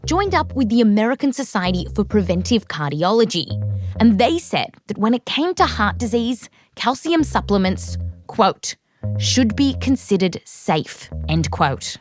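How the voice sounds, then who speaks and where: A woman's voice: mid-range voice, big pitch swings, a little slow, soft background music. A woman with an Australian accent hosting a science podcast, narrating from a script and interviewing with a playful, jokey manner. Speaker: podcast host.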